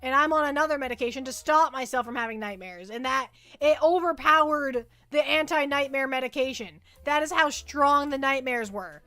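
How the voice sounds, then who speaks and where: A young woman chats on a livestream in a bright, fairly high voice, rambling and stumbling over repeated words as she answers her viewers. Faint music plays behind her. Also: normal speed, hardly any pauses. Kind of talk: casual chat with live chat.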